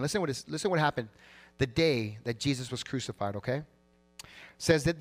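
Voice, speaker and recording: A man preaching a sermon as pastor of a church service, emphatic and swinging between loud and hushed. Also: a little high.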